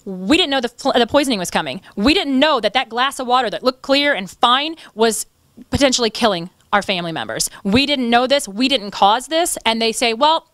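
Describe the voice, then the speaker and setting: A woman's voice: on the high side, expressive, brisk, fairly bright tone, no echo. A woman activist speaking in an interview, impassioned and indignant. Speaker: activist guest. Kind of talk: interview conversation.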